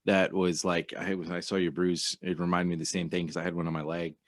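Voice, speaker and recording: A man in his late thirties telling a crash story in a halting, casual way with many restarts. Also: sits low, flat delivery, no echo, clean studio sound. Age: late 30s. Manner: halting, restarts, trails off quietly.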